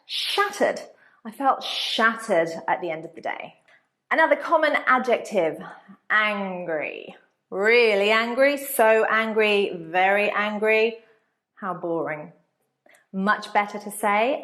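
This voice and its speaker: A woman's voice: mid-range voice, fairly bright tone. A woman teaching an English vocabulary lesson, stressing example words and reading sample sentences aloud.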